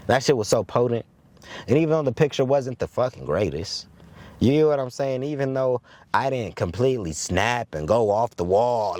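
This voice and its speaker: A young man with a mid-range voice hosts his own show in a dry recording, telling a story in a loose, profane, casual way. He keeps asking "you get what I'm saying?" and gets animated, stumbling and restarting when excited.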